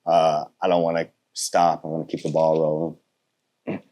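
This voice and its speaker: A thirty-year-old man with a very low voice talks easily in an interview. He is polite and laid-back, filling his answers with "um" and "uh" and letting sentences trail off. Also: unhurried. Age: 30s. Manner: relaxed, polite, lots of fillers and trailing off. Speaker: motorcycle racer and content creator.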